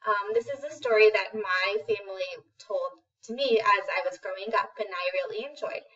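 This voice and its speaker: A woman telling a children's story in a relaxed, unhurried way. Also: mid-range voice, far from the mic, lo-fi sound. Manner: relaxed, unhurried with some ums. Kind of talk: casual storybook narration.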